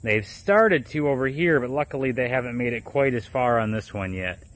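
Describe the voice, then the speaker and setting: Outdoors in his garden, a man from Florida casually explains a gardening task step by step for his how-to vlog. His medium-pitched voice moves at a moderate pace and is muffled by a face mask.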